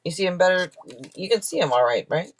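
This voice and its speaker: Through a camera mic, a woman with a fairly low, animated voice talks fast while hosting a tarot live stream. She chats casually with viewers, thanks donors, checks in with chat, and trails off and restarts her sentences as she goes.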